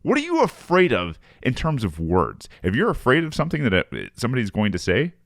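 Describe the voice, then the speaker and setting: A man co-hosting a podcast in casual political chat, animated and often repeating words as he gets going. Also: mid-range voice, a little fast, dry recording, clean studio sound. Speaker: podcast co-host.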